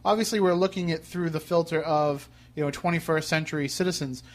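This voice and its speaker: A man's voice: fairly high pitch, fairly even intonation, brisk. A middle-aged man hosting a radio show, chatty and joking, asking long rambling questions. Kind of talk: casual interview.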